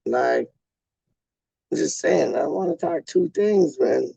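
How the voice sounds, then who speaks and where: A man with a heavily gravelly voice talks slowly and loosely, dropping slang as he answers viewers' questions. The sound is dry and close. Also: on the high side, expressive, warm tone, dry recording, lo-fi sound. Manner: slangy, laid-back, says "dog" and "straight up". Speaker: vlogger answering chat questions. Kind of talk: casual live-stream chat.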